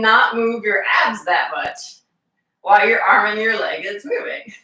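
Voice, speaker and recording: Slow-spoken woman instructor in echoey room. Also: mid-range voice, recorded from a distance. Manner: calm, counting reps aloud. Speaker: fitness instructor. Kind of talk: live exercise class instruction.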